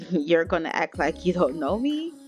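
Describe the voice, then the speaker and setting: A sly young man from a life-sim story, teasing and knowing, as a woman narrator puts him on. He sounds close to the narrator's own pitch, with faint music behind. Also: big pitch swings, a little slow.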